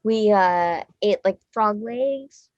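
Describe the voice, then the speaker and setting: A woman in her thirties, a musician being interviewed, talking in a rambling, excitable way, swearing freely and laughing often. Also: medium pitch, slow pace, no room sound, dull audio. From Texas. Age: 30s. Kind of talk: casual chat.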